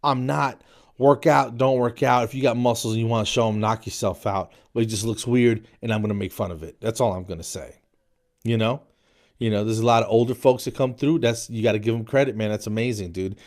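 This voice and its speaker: Talking a little fast in a low, darkish voice, this podcast host from New Jersey is in his forties. His monologue is comedic and jokey, dotted with "man" and "dude."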